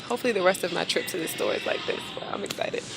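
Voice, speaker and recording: A chatty, excitable woman talks to her phone while she shops, thinking out loud in a slightly low voice. Store music plays clearly behind her in a large indoor shop. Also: very fast. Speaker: vlogger. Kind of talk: casual shopping vlog. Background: store music playing.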